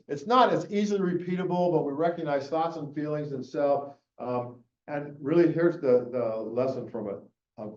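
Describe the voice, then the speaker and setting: A man's voice: mid-range voice, mellow. A middle-aged man giving a conference keynote in a conversational, rambling way with many fillers and restarts. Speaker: keynote speaker. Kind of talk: conference talk. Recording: echoey, muffled room recording from a distance.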